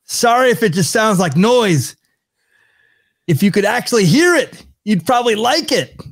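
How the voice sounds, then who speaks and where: Man putting on a high fervent preacher. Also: heavily acted. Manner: drawn-out revival-preacher delivery. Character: fervent male church preacher. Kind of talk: dramatic reading in a put-on voice.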